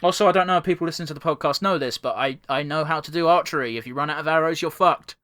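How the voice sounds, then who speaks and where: Excitable high-voiced young man, swearing. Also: rapid-fire. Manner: excitable, swears freely, laughs often. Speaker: podcast co-host. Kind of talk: casual reaction chat.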